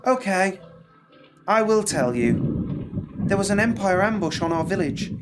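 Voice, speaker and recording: A frightened young boy who insists he is not afraid, put on by a man reading a game aloud. The voice sits higher than the reader's own and stays earnest. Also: animated, unhurried, heavy background noise. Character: scared young boy of a clan, defiant.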